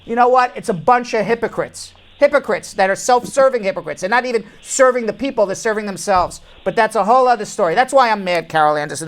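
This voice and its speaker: Indignant talk-show host, animated. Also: male voice, very high voice. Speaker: immigration lawyer and call-in show host.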